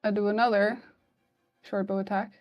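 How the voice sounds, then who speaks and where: A woman's voice: mid-range voice, level tone, normal speed, no echo. Eager, foul-mouthed woman player on a dull mic. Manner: eager, blunt, swears freely. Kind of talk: casual tabletop play.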